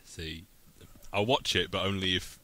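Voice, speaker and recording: A man's voice: low-pitched, fairly even intonation, measured pace, bright, forceful tone. A British man co-hosting a podcast, chatting casually and laughing often at his own jokes. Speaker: podcast co-host. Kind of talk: casual chat.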